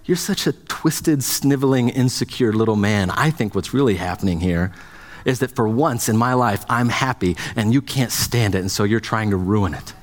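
A man's voice: lowish voice, moderate pace, close to an everyday voice. A man quoting an exasperated adult man who scolds his brother in an indignant, accusing way.

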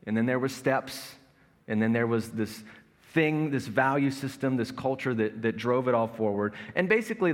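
A male pastor in his thirties preaches in a large church space, his voice trailing into a long hall reverb. He talks in a conversational, self-mocking way, mixing personal stories into the sermon at a middle pitch. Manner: conversational, self-mocking humor with acted-out anecdotes.

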